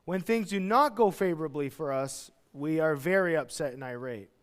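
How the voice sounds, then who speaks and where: High-voiced man preaching in a hall. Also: normal speed, clear, resonant tone. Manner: animated, acts out everyday voices. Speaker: pastor. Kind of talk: expository sermon. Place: church.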